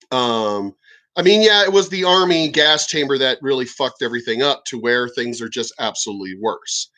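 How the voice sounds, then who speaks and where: A man, a military veteran, rambling in a casual vlog monologue, swearing often, restarting sentences and clearing his throat. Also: mid-range voice, lively intonation, moderate pace, pushed and bright.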